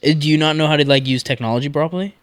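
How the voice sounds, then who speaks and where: Joking guy on a podcast, a bit higher voice, dry close mic. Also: fairly even intonation, racing, no echo. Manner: joking, teasing, laughs often. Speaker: podcast co-host. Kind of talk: casual podcast banter.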